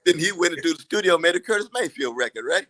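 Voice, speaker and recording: A man's voice: on the high side, animated, very fast, pushed and bright. An older man in his seventies speaking in a preacherly, rhythmic way, stacking emphatic repetitions in a passionate political conversation. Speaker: guest.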